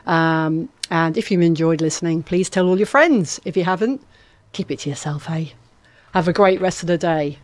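A woman's voice: on the low side, normal speed, hardly any pauses, no room sound. A woman presenting local radio from a studio, bubbly and chatty with lots of fillers as she signs off. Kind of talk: live radio chat, signing off. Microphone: studio microphone.

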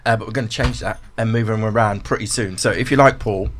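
A man's voice: lowish voice, steady tone, fast talker, a bit bright. A man presenting a morning radio show, chatting in a jokey, teasing and rambling way with his co-hosts and guest. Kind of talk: breakfast radio chat.

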